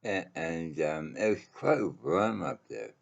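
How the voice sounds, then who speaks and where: A man hosting his own channel, telling a casual personal anecdote in a halting, rambling way with lots of fillers and the odd swear word. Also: sits low, big pitch swings, vocal fry, muffled recording.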